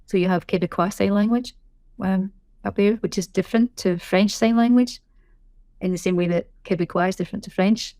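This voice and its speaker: A woman's voice: medium pitch, fairly quick, warm tone, no echo. Woman, middle-aged, chatty guest; dry close mic. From Scotland. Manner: chatty, self-correcting, explanatory. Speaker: sign language interpreter, podcast guest. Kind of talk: casual interview chat.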